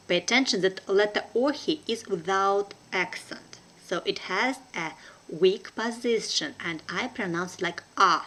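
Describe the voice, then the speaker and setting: This Russian-accented woman, a native speaker of Russian, sounds animated and fairly bright at a medium pitch. Teaching a language lesson online, she still speaks carefully and deliberately, with plenty of hesitations.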